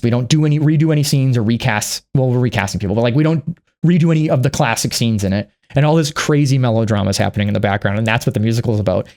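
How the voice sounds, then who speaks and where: A man tears through a casual movie recap at a quick clip, swearing freely and rambling from point to point. His pitch swings widely, leaping into squeaky impressions of the characters before dropping back down. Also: a little mellow. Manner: profane, rambling, acts out characters in squeaky voices. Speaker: movie reviewer.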